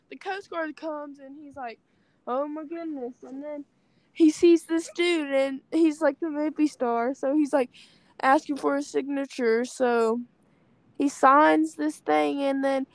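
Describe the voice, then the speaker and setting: A woman's voice: high voice, dry recording. A young woman, in school, chatting casually about a film and retelling scenes with lots of 'like' fillers. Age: young adult. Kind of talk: casual movie chat.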